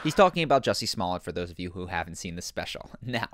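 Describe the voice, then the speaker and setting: A man hosting and narrating an explanatory video in scripted narration, with an animated, explanatory manner. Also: low-pitched, fast, noisy background. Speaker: host.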